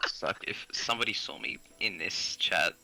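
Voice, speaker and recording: A man's voice: sits low, moderate pace, creaky, pushed and bright, faint music behind. A man streaming a game, reading its lines aloud in playful, theatrical put-on accents between casual chat. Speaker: streamer voicing a dating-game character.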